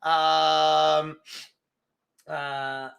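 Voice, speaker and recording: Brash gravelly male football streamer. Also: fairly high pitch, little pitch movement, extremely slow, a bit bright. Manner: chatty, brash and combative with trolls. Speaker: host of a live fan chat show. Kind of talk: casual live-stream chat reading comments.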